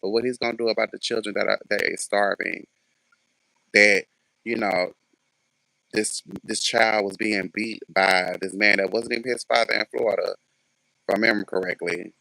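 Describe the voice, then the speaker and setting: A man's voice: on the low side, steady tone, moderate pace, gravelly, bright, forceful tone, no room sound. A man ranting casually to camera in a sassy, sarcastic way, swearing freely. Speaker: vlogger.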